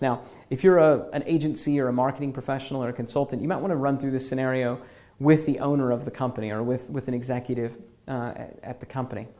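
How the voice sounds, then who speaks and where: A male marketing instructor guides listeners through an imagined scenario. He talks loosely and conversationally, full of fillers and check-ins, with a slightly higher pitch than most men. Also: warm tone. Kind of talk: guided visualization lesson.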